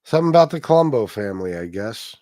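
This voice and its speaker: A man's voice: fairly low pitch, very animated, quick pace, a little mellow, no echo, clean studio sound. A man hosting a casual livestream, chatting loosely and profanely with viewers and reading their donations, with many restarts. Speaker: livestream host.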